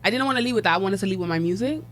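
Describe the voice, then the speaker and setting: A brash young woman, chatting as an interview guest. She talks in loose slang and swears freely. Her voice sits in a middle pitch, and she laughs often. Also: expressive, rapid-fire, fairly bright tone. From New York. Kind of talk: casual interview chat.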